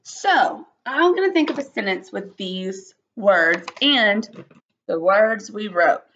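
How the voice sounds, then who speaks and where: A woman teacher giving a slow, patient early-grade phonics lesson, spelling out letters and sounding out words. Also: mid-range voice, expressive, a bit bright, dull audio, slight background noise.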